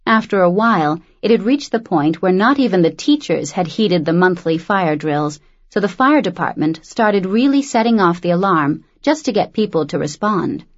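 A woman narrating a novel as an audiobook, reading in a measured, steady way on a dull lo-fi recording. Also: fairly low pitch. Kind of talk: scripted narration.

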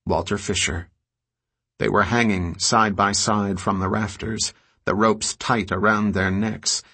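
Male narrator, husky voice, lowish pitch, measured grave reading, audiobook. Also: a bit bright.

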